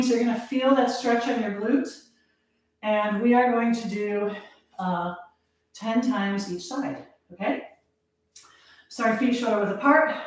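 A woman's voice: mid-range voice, darkish tone, distant mic. Winded woman counting reps in echoey room. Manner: counts reps aloud, winded, laughs at herself. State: out of breath. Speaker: fitness instructor. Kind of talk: live workout instruction.

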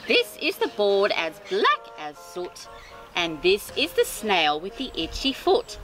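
A woman's voice: a little high, unhurried, poor audio. Sing-song woman reading a storybook. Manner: expressive, sing-song reading with gasps of sympathy. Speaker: storytime host. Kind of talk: children's storybook read-aloud with chatty asides. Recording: reading over background music. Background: music.

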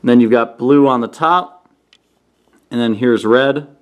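A man casually reviewing toys on camera, playful, often breaking into goofy high-pitched exclamations. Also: measured pace, smooth. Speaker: toy reviewer. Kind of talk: casual hands-on product review. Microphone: camera he sets up himself.

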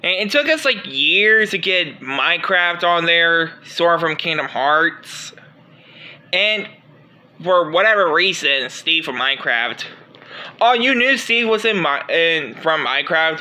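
A man's voice: a little high, animated, unhurried, bright, forceful tone. A young man chatting loosely in a homemade toy-show video, rambling with many restarts and fillers. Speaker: fan video creator.

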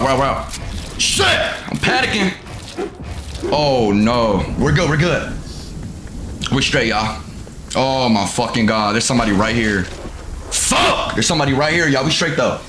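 A young man gives profane live commentary on his game, muttering at times and yelling at others. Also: mid-range voice, animated, fairly quick. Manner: profane, swings from mutters to loud outbursts. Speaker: gamer streaming his play. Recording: echoey room with clear noise.

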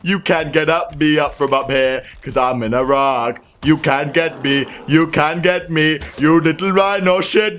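A young man commentating his gameplay, excitable, often yelling, laughing and swearing. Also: on the high side, moderate pace, hardly any pauses. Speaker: gaming commentator. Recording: game music behind the voice. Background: game music.

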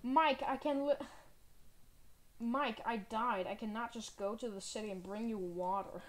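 A woman giving excitable, melodramatic let's-play commentary while calling out to a teammate. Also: fairly high pitch, unhurried. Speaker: gaming channel host.

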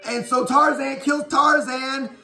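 A man giving a profane, animated, rapid-fire recap of a horror movie. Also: very high voice, gravelly. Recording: echoey room with faint music.

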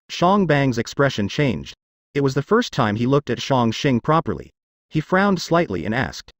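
A man reads a fantasy novel aloud as scripted narration, even and unhurried. His pitch rises and falls freely, and the sound is close and dry. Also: dry recording. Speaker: audiobook narrator.

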